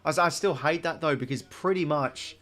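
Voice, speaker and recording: A man's voice: a little high, fairly quick, fairly bright tone. A young adult man with an Australian accent, hosting a live watch-along stream in a rambling, chatty way, swearing freely as he calls the play and chats between passages.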